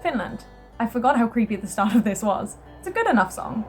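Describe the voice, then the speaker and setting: A young woman from the UK chatting casually as a vlogger while reading out her own notes, excitable, laughing often, and breaking into surprised exclamations. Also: a little high, brisk, soft background music.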